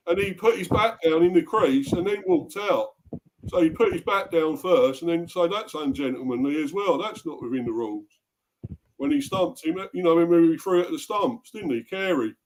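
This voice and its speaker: A man in a casual sports chat, chatty and quick to agree. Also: a little high, a little hiss or hum. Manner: chatty, with frequent agreeing interjections.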